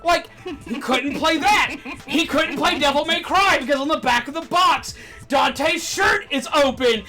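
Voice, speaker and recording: High, bright-voiced woman ranting. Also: measured pace, faint music behind. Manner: animated, swearing, laughing ranting. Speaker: streamer host. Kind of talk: casual ranting chat.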